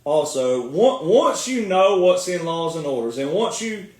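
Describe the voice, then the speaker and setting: A man's voice: a little high, sing-song, unhurried, a little mellow. Sarcastic male veteran ranting, echoey room. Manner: sarcastic, mocking, laughs often. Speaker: commentator, military veteran. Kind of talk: ranting online commentary. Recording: echoey room, far from mic.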